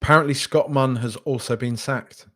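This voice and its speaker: A man's voice: mid-range voice, normal speed, fairly bright tone. Hesitant man on a live podcast. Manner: casual, hesitant, many ums and restarts. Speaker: podcast host. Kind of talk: live reaction stream, reading chat.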